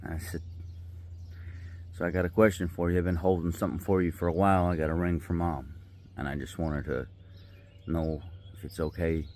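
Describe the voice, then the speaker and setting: A man's voice: low voice, fairly even intonation, moderate pace, pauses often, darkish tone, slight background noise. A middle-aged man, telling a personal story in a rambling, folksy, heartfelt way. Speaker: vlogger. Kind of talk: casual storytelling vlog. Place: outdoors by a river.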